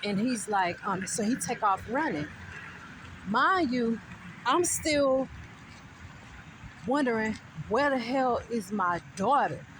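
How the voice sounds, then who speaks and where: Woman spilling a wild story, cussing a lot, talking right to viewers, lots of background noise. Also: a little high. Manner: animated, profane, frequent asides to viewers. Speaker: vlogger. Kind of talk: storytime vlog.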